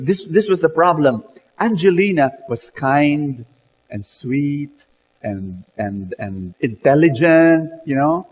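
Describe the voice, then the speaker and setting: A man's voice: high voice, breathy edge, long reverb tail, rough recording. A man telling a story in a sermon, dramatic, with many repeated words and "you know"s.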